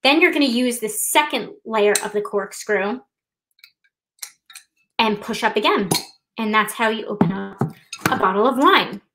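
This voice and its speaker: A woman's voice: a little high, animated, unhurried, pauses often, music in the background, poor audio. A woman hosting a live trivia night, chatting casually and explaining things step by step with a self-deprecating touch. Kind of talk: casual live-stream demonstration.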